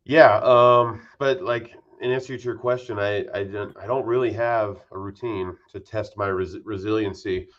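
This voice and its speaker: A man from Utah, a guest on a casual podcast interview, talking in an easygoing, unhurried way. His voice sits fairly low, and it comes through on dull, lo-fi remote audio. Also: steady tone, fairly bright tone. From Utah, USA.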